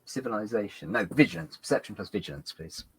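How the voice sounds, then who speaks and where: A man's voice: lowish voice, lively intonation, fast, gravelly, husky, dry recording. A man narrating as game master of a tabletop game, rambling with fillers and restarts.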